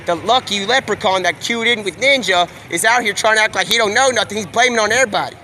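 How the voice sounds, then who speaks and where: High, bright-voiced excitable streamer man. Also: quick pace, slight background noise. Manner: excitable, slangy, jumps between topics. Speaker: live streamer. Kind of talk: rambling stream-of-consciousness monologue.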